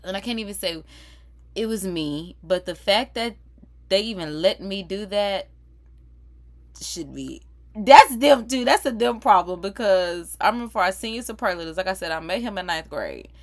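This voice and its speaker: A woman's voice: medium pitch, moderate pace, poor audio. A woman, chatting casually and animatedly on a livestream. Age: 30s. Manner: animated, swearing, laughing between stories. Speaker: livestream host. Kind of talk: casual gossip chat.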